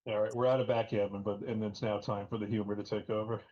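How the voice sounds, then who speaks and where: A man co-commentating a live backgammon stream, making quick wry wisecracks. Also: on the low side, little pitch movement, darkish tone, lo-fi sound.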